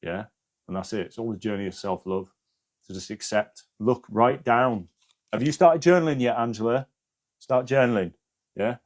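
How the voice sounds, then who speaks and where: A man's voice: mid-range voice, moderate pace. A man hosting a live stream, giving casual spiritual advice to viewers, swearing freely and often checking in with "yeah?".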